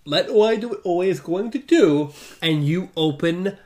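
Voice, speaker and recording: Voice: medium pitch, a little slow. A co-host chatting casually about a novel and reading passages aloud. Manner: chatty, animated, laughs easily. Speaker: co-host and reader.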